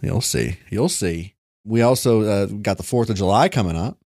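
A man with a lowish voice co-hosts a comedy podcast, rambling loosely and laughing a lot. His voice is close and dry, with no room echo. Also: normal speed, darkish tone. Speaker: podcast co-host. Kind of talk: casual comedic chat.

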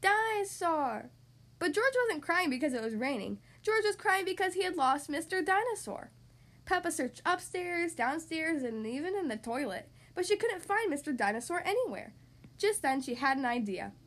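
A woman hosting a podcast, reading a children's story aloud in a cheerful, expressive way. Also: very high voice, moderate pace.

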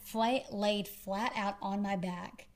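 A woman's voice: medium pitch, steady tone, slow pace. A woman guest, with many fillers and restarts, telling her story casually in an interview. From Arkansas.

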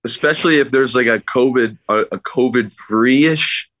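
A man, a guest on a podcast, telling a story in a casual, animated way and acting out what other people said. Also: medium pitch, normal speed, dry recording, rough recording. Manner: animated anecdote teller, acts out other people's lines. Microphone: remote call.

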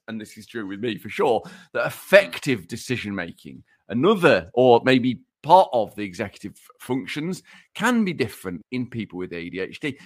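Male podcast co-host, mock-lecturing tease, animated pitch, mid-range voice. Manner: teasing, mock-lecturing, laughs while talking. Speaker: podcast co-host presenting research. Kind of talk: casual podcast banter.

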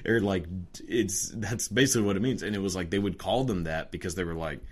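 A man's voice: sits low, fairly quick, slightly rough. A young man ranting casually in a crude, profane, rambling way, full of fillers and restarts. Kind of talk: casual rant.

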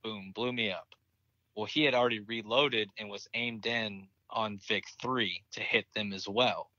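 A young man with a low but forceful, edgy voice recounts a battlefield injury in plain, profane conversation. He laughs at grim moments and never dresses anything up. The sound is dry and slightly dull, like a modest lo-fi recording. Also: steady tone, a little slow, no room sound. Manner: candid and plain-spoken, swears freely, laughs at grim moments. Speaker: interview guest, military veteran. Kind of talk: personal war story in casual conversation.

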